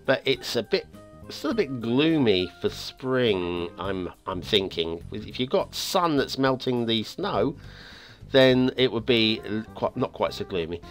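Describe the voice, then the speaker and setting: Unhurried and rambling, a male host reviews game maps in casual commentary, stammering and restarting frequently. His lively voice swings in pitch but is turning slightly hoarse, with soft music faintly in the background.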